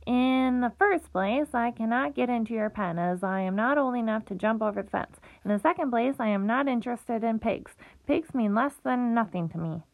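A woman's voice: a little high, lively intonation, normal speed, few pauses. A woman voicing a prim young lamb who is curt and dismissive, on a tinny phone-like recording. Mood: haughty.

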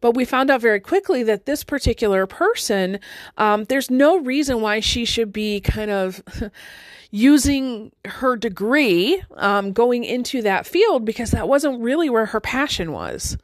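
A woman's voice: on the high side, animated, a little slow, no echo. Chatty woman coach, dry close sound. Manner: conversational, frequent "right?" and rhetorical questions. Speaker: life coach. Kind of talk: motivational monologue to listeners.

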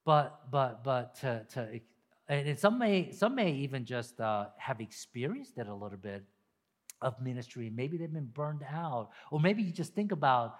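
A man preaching a sermon to a camera, animated and acting out people's excuses in quoted voices. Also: mid-range voice, moderate pace, big-room sound. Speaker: pastor. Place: empty room with long reverb.

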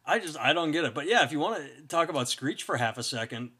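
A man's voice: a little high, animated, quick pace, bright, forceful tone, slightly rough. Rambling, profane male podcast storyteller. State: hiccups. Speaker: podcast co-host, stand-up comic. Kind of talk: casual podcast chat.

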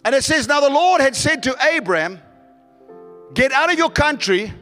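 High-voiced man preaching. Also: expressive, normal speed, bright, forceful tone, in a large hall, soft background music. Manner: preaching with rising fervor and congregation callouts. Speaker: pastor. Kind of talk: sermon.

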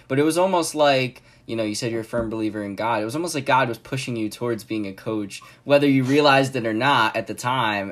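Male interviewer, lowish voice, reflective, sums up before asking. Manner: reflective, summarizing the guest's story. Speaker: interview host. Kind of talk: interview questions.

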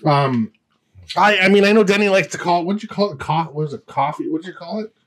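A man's voice: sits high, fast talker. A man co-hosting a casual drinking podcast, telling boisterous stories and swearing freely. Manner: loud, profane, boisterous storytelling. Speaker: podcast co-host.

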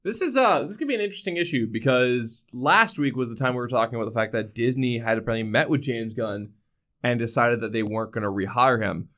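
Young male podcast co-host, mid-pitch, riffing in loose profane rants. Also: fast talker. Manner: animated, swearing, ranting. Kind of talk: casual chat.

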